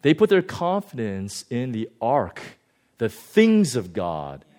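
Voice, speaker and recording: A male pastor giving a conversational sermon, animated and often chuckling. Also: mid-range voice, slow.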